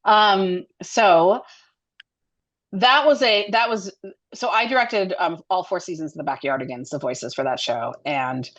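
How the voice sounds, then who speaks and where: A woman who directs and produces children's television, chatting as an interview guest in a chatty, animated way with many fillers. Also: lowish voice, measured pace, low-quality recording. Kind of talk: casual interview chat.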